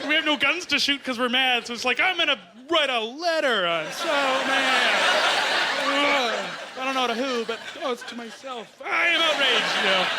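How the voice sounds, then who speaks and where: A Canadian man performs a stand-up set on a comedy club stage, talking fast and excitably before a laughing crowd. He keeps jumping into high, squeaky bits, and the recording is full of loud audience laughter and stage noise.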